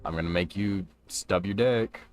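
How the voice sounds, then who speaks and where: A man's voice: deep voice, normal speed, soft background music. A young man chatting casually with viewers on a gaming livestream from his room, laid-back and talkative, greeting people as he plays. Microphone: stream microphone.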